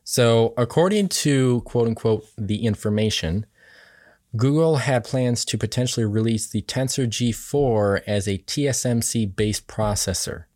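A man co-hosting a casual tech news podcast, upbeat and quick to laugh as he walks through deals and news. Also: mid-range voice, darkish tone, no room sound, studio quality.

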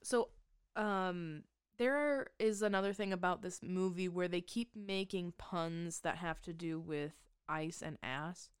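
A woman's voice: lowish voice, slow pace, clean tone, no room sound, clean studio sound. A woman co-hosting a podcast, recapping a movie in casual chat with sarcastic, swearing asides. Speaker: podcast co-host.

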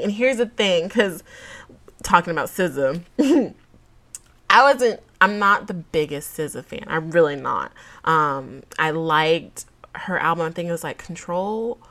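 A woman's voice: lowish voice, fairly bright tone. A woman hosting a casual solo podcast. She is chatty and openly emotional, fights back tears, laughs between thoughts, and talks to her listeners as "y'all". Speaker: podcast host.

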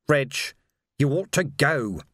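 A man doing a terse, hushed watch sergeant. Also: animated, slow, no echo, studio quality. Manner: clipped, low murmur.

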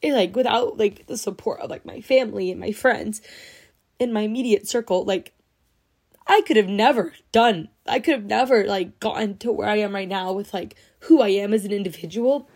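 A woman's voice: medium pitch, moderate pace, darkish tone. Gushing young woman podcast host. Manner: gushing, heavy use of "like", emotional and teary. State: teary, on the verge of crying. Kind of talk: casual solo podcast chat.

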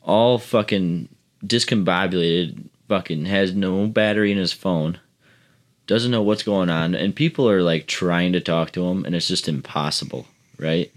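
A man with a very low voice tells a story among friends on a casual podcast. He rambles and swears freely, stacking up fillers as he goes. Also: moderate pace. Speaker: podcast co-host. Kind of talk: casual chat.

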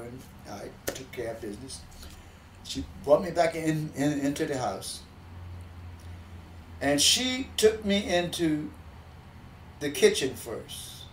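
A man from the backwoods telling a folksy story in an animated, plainspoken way, often restarting mid-sentence. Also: sits high, roomy sound, distant mic, a little hiss or hum, poor audio. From backwoods countryside.

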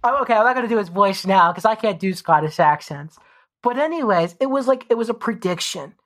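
A woman's voice: medium pitch, expressive, fairly quick. A woman co-hosting a podcast in casual chat, rambling with many fillers. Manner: rambling, heavy use of "like" fillers. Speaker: podcast co-host.

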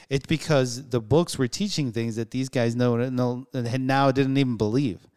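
Smooth-voiced man telling stories. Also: medium pitch, a little fast, few pauses. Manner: animated storyteller, repeats himself. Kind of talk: casual conversation.

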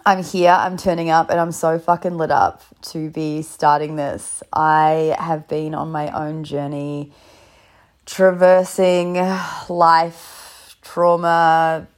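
Low-voiced sick woman hosting a podcast. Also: flat delivery, slow pace. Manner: upbeat, swears freely. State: sick, close to losing her voice. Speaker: podcast host. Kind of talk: casual solo podcast intro. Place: in bed at home.

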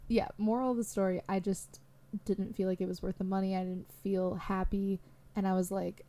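A woman's voice: medium pitch, flat delivery, normal speed, dark tone. A young adult woman hosting a solo podcast, talking candidly in a rambling way with lots of fillers. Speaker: podcast host.

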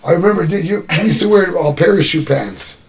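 Speaking briskly in a high voice, a man tells a profane, lively tale from his street days as a youth. He casually curses and performs the other characters' lines himself.

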